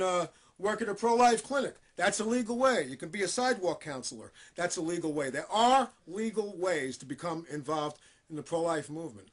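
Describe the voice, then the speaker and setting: A man's voice: high voice, slightly rough. A man in his fifties from the United States, speaking to camera in an earnest, emphatic, repetitive way. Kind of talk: scripted-sounding monologue to camera.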